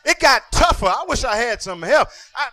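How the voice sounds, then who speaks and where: A man preaching a sermon as pastor, calling out to the congregation and rising into sing-song shouted climaxes. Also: very high-pitched, expressive, normal speed, no echo.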